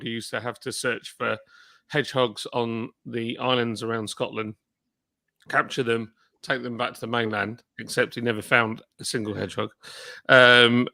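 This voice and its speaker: A man who co-runs a brewery, telling relaxed stories in a casual pub live stream chat. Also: medium pitch, no room sound. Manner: relaxed storytelling, trails off with ums. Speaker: brewery owner and co-host.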